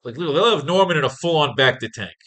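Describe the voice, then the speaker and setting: Speaking very fast with lively intonation, a man with a highish, slightly bright voice runs a writing class. He plans out comic pages and reads panels aloud in a loose, heavily profane way.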